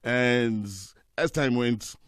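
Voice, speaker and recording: Man, 40s, rapid lively anecdotes, radio studio guest. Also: mid-range voice, clear, resonant tone, dry recording. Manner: lively anecdotes with quoted voices. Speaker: guest football commentator. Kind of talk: casual radio interview storytelling.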